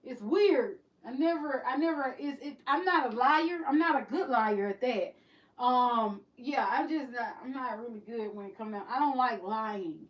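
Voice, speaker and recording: A woman's voice: a little high, normal speed, lo-fi sound. A woman hosting a livestream for her beauty business, talking candidly in a rambling way with many restarts. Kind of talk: casual livestream chat.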